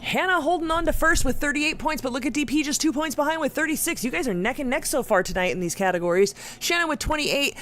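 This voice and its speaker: A woman's voice: sits high, expressive, fast, few pauses, a bit bright, slight background noise. Teasing, laughing woman co-host. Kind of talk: casual chat on a live game show. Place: home.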